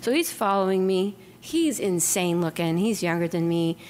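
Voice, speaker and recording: A middle-aged woman from Southern California telling lively stories to an audience as an author giving a talk, acting out quotes with whispers. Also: fairly low pitch, moderate pace. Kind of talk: anecdotal storytelling to an audience. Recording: lecture hall with long reverb, faint noise.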